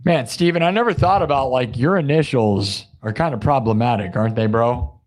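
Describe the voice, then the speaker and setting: A man's voice: mid-range voice, brisk, few pauses. A young man hosting a live music stream, chatting and joking casually with his viewers. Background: live guitar music.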